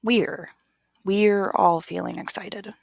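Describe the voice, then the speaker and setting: A woman teaching basic English grammar, explaining patiently and repeating each word slowly for learners. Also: medium pitch, steady tone, creaky, a little mellow, no echo, studio quality. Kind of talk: slow, careful classroom explanation.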